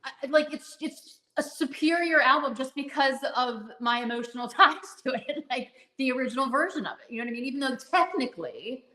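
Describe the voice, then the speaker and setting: A woman's voice: high-pitched, expressive, brisk, hardly any pauses, pushed and bright. Gushing woman in an echoey room. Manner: gushing, rambling with many fillers. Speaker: podcast co-host. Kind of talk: casual fan chat.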